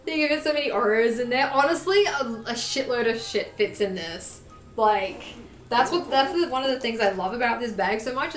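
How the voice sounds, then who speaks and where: A young woman with a slightly high voice chats on a live stream, gushing and swearing casually as she shows off her sewing. Her voice bounces around an echoey room. Faint music plays underneath.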